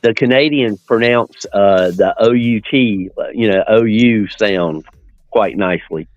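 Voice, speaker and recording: A man's voice: lowish voice, unhurried, dry recording, muffled recording, soft background music. An American man co-hosting a live stream chat, asking curious questions and enthusing about pronunciation. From United States.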